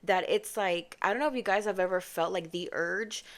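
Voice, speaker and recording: Talking briskly in a mid-range voice, a young vlogger shares a casual storytime monologue through her personal mic. She's sassy, calls her audience babes and y'all, and often acts out other people with mock voices.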